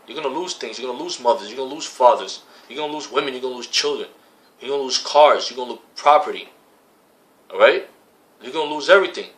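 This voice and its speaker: A man with a bright, forceful voice preaching in loose street talk. He swears freely, quotes scripture and hammers his points home with repeated phrases. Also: mid-range voice, lively intonation, fast talker. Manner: profane and slangy, repeats phrases for emphasis. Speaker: religious camp member preaching. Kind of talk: casual street-style preaching.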